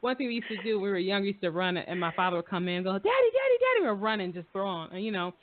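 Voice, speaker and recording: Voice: mid-range voice, steady tone, racing. A radio talk show host chatting in a casual, effusive way, full of fillers and repeated phrases. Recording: dry phone-line audio.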